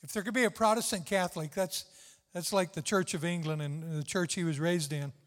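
A man's voice: high voice, fairly even intonation, brisk. An older man preaching a sermon with fervent, tender, repetitive emphasis. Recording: long hall reverb.

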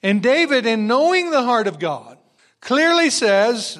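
A man reads scripture verse by verse as he preaches, at a measured pace. His very high-pitched voice is highly animated, moving from quiet, chatty asides to loud, exuberant exclamations.

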